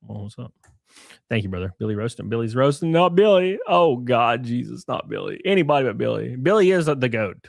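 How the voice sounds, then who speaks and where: A man's voice: medium pitch, big pitch swings, fairly quick, creaky, hardly any pauses, no room sound, clean studio sound. A man from Alabama with an Alabama Southern accent, hosting a casual livestream, reading chat and rambling with crude joking asides.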